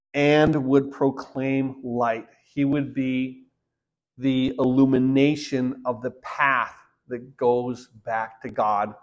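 A man preaching in an everyday mid-range voice. He reads verses aloud and then breaks them down, louder on the big lines and quieter on the closing points, with a few stumbles and repeats. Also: medium pitch. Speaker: pastor. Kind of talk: sermon.

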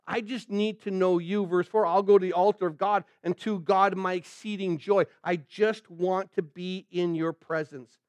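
High-pitched guy preaching, pastor style, keeps going "it'll do what?" and answering, dry close sound. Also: fairly even intonation, moderate pace, few pauses, darkish tone, dry recording. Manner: asks the room rhetorical questions and answers them; earnest, emphatic preaching. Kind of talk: sermon, verse-by-verse Bible teaching.

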